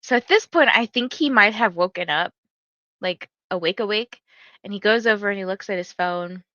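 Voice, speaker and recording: A woman's voice: medium pitch, moderate pace, pushed and bright, dry recording, highs cut off. A young woman hosting a reading livestream, telling a story in chatty casual talk full of "like" fillers. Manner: chatty storytelling, many "like" fillers, laughs often. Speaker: livestream host of reading sprints. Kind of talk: casual chat to livestream viewers.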